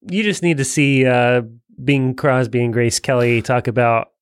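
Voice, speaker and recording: A man's voice: medium pitch, normal speed, clear, resonant tone, no echo, clean studio sound. A man co-hosting a casual movie discussion, chatty and jokey. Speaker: podcast co-host.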